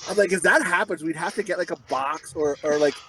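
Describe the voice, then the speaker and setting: A man co-hosting a podcast, telling crude stories with lots of swearing and acting out shouted quotes. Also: a little high, brisk, slight background noise, low-quality recording. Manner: profane, animated, acts out shouted quotes. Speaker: podcast co-host. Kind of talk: crude comedic storytelling.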